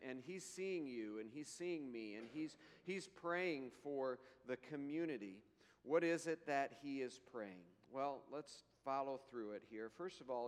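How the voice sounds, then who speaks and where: Man, pastor, sermon, slow earnest delivery, smooth resonant voice, long hall reverb. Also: medium pitch. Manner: slow, earnest preaching, rising to emphatic scripture readings.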